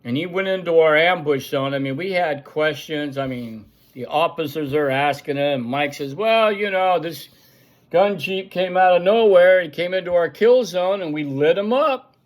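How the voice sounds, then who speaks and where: A middle-aged man tells an old army story in a casual, animated way, with a voice that sits a bit high for a man. He acts out the gunfire with his own boom and pop sounds, and he shouts out the lines of the people in the story. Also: moderate pace. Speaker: show host telling a story.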